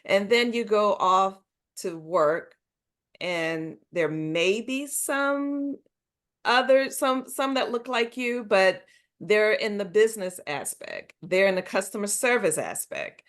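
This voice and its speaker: A middle-aged woman as a podcast guest, telling her own stories in an animated, emphatic way with frequent laughs. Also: medium pitch, takes it slowly. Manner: animated, emphatic storyteller who laughs often. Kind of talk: conversational interview storytelling.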